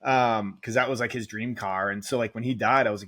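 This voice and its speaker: Bright-voiced man, emotional rambling storyteller. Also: on the low side, fairly even intonation, a little fast. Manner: rambling, heavy "like" filler, emotional. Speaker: real estate investor guest. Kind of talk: candid podcast storytelling.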